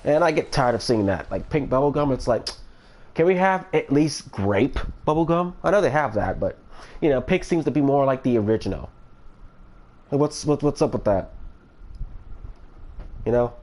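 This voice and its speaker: A man's voice: mid-range voice, lively intonation, normal speed, long pauses, darkish tone. A man from Florida chatting casually on a livestream, rambling and hesitant, with many fillers and restarts. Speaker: streamer.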